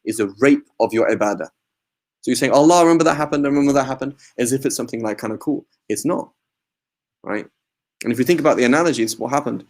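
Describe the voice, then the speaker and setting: A man's voice: medium pitch, fast talker, pauses often. Man teaching an informal mosque class. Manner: conversational, often adds "right?"; mixes in Arabic religious terms. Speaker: religious teacher. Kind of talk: informal religious class with questions.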